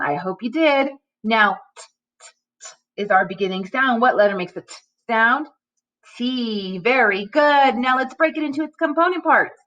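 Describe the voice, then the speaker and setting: Woman teacher, unhurried, careful clear sounding-out for children, lo-fi home video sound. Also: mid-range voice, pushed and bright. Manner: slow, clearly articulated teacher talk to young pupils. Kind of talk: recorded phonics lesson for children.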